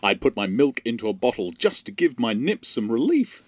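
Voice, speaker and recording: A man voicing a deep-voiced, crude mother who overshares on the phone in a comedy sketch. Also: sing-song, moderate pace, no room sound, studio quality. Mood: doting crude. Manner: doting, oversharing, crude homespun talk.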